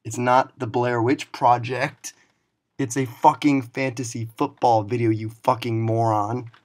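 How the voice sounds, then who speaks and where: A young man rants into the camera, swearing constantly and hurling sarcastic insults in a mock-angry comedic tirade. His voice sits at an ordinary middle pitch for a man. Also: little pitch movement, unhurried. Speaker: league commissioner character reviewing videos. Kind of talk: scripted comedic rant to camera.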